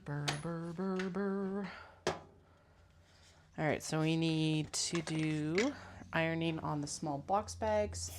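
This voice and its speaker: A woman's voice: lowish voice, noisy background. A woman who vlogs about sewing, chatting casually on a clip-on mic and muttering to herself and her cats as she works in her basement. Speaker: sewing vlogger. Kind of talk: casual chat while working.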